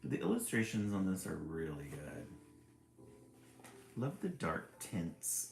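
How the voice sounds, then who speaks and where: A man's voice: sits low, sing-song, slow pace, creaky, pauses often, slight background noise. A man reading a children's book aloud on a live stream, chuckling often and chatting about the pictures. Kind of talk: live read-aloud with commentary. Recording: echoey room with faint ambience.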